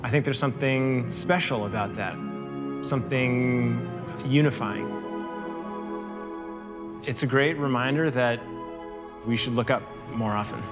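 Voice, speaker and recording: Male video narrator, thoughtful and unhurried, mid-range voice over a clear music bed. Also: medium pitch. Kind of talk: reflective voice-over.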